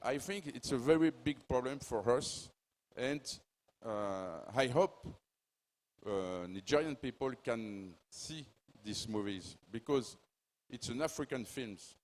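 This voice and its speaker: Slow-speaking man with a French accent. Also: medium pitch, animated, darkish tone. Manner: halting, apologetic, self-deprecating. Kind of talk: panel speech.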